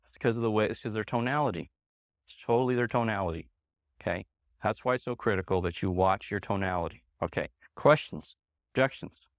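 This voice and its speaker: Clean studio sound with no room sound captures a man's fairly low-pitched voice, running a little fast. He's leading a live sales seminar for trainees in a meeting room with an audience, holding a handheld microphone. Punchy and emphatic, he keeps hammering the main points repeatedly.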